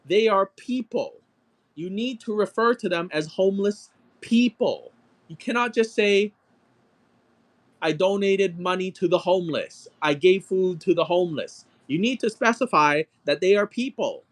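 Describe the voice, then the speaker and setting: A man's voice: high voice, unhurried, voice pushed up. A man putting on the voice of a stern older female schoolteacher who lectures indignantly. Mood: scolding.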